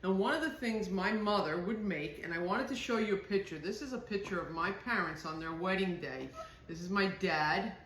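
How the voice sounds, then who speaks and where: A woman's voice: medium pitch, moderate pace, a bit bright, reverberant. Chatty New Jersey woman cooking at home. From northern New Jersey. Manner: chatty, homey, reminiscing. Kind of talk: casual cooking demonstration.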